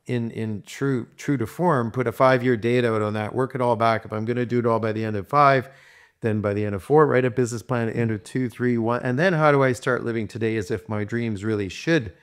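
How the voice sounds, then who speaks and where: A man being interviewed, telling long stories in a rambling, animated way with many restarts. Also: medium pitch, a little fast, clear, resonant tone. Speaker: guest. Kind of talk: casual interview storytelling.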